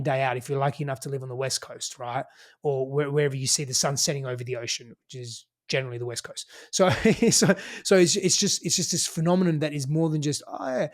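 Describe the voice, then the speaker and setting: A man with an Australian accent, speaking in a slightly higher register than most men. He talks as a podcast guest, casual and emphatic, swearing freely and peppering his points with "you know" and "right?". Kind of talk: casual conversational advice.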